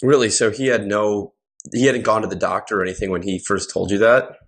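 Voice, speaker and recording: A man's voice: lowish voice, steady tone, fairly quick, no room sound. A man with a Midwestern American accent from Wisconsin, hosting a podcast interview in an eager, upbeat way. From Wisconsin, USA. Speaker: podcast host.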